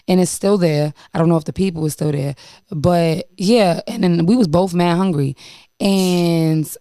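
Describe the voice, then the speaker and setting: A young woman hosting a casual chat, animated and slangy, swearing freely. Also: fairly low pitch, normal speed, no echo, studio quality. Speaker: podcast host.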